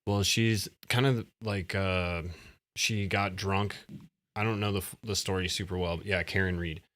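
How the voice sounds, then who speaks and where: A man co-hosting a live stream, chatting casually and thinking out loud with self-deprecating asides. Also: low-pitched, fairly even intonation, normal speed, no echo. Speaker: co-host.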